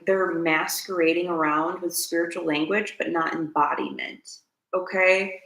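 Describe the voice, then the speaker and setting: Female host, earnest and preachy, low gritty voice, roomy echo. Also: gravelly, fairly bright tone. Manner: earnest, preachy, repeats key lines, asks viewers to comment. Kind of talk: spiritual self-help talk to camera.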